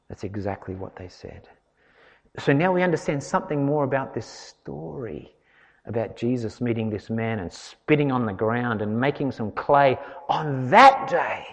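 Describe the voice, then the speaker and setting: Slow, lively preacher in a hall. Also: male voice, medium pitch. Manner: expressive, conversational preaching with asides to the congregation. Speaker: pastor. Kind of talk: sermon.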